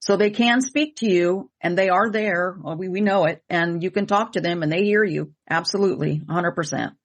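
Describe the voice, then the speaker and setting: A woman's voice: on the low side, normal speed. A woman co-hosting and telling a personal story in an earnest, emotional way, often repeating herself for emphasis. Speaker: medium and co-host. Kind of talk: candid conversational storytelling.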